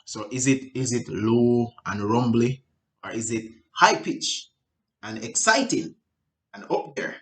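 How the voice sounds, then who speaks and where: A man giving a casual sales training talk, looping back with "right?" and restarting sentences, and acting out client exchanges with sudden high and low voices. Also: lively intonation, takes it slowly. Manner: loose, repetitive, frequent "right?" and restarts; acts out client dialogue with big pitch jumps.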